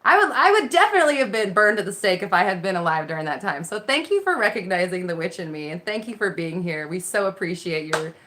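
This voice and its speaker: A woman hosting a live Q&A stream, talking casually into her phone. Her voice is bright and forceful, and it swings up and down a lot. She laughs often and swears freely as she reacts to comments. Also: medium pitch, sing-song, fast, hardly any pauses. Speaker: live Q&A host, mindset coach.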